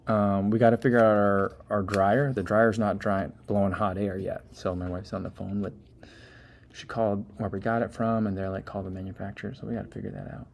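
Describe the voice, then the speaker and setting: A man's voice: on the low side, darkish tone. A man in his thirties hosting a casual livestream, reading viewer comments and chatting in a rambling way with many fillers and small laughs. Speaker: livestream host reading chat.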